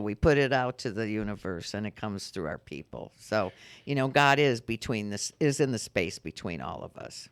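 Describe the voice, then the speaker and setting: Radio guest guy, lively up-and-down voice, tells stories. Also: medium pitch, normal speed. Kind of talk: radio talk show conversation.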